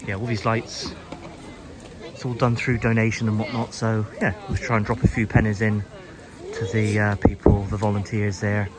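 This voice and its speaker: A man's voice: lowish voice, monotone, moderate pace, a crowd in the background. A man hosting a casual walking vlog, rambling chattily with repeated words and restarts, filmed outdoors in a busy village at night on a handheld camera. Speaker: vlogger, host.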